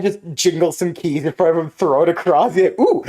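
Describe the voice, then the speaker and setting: A woman playing a tabletop game, giggly and quick to laugh while chatting. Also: on the low side, dark tone. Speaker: player. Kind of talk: casual tabletop play.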